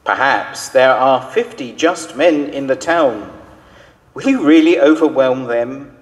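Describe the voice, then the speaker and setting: A man's voice: mid-range voice, takes it slowly, close to an everyday voice. A man reading the part of a patriarch who pleads humbly and earnestly with God, in a church. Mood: pleading. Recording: reverberant church hall.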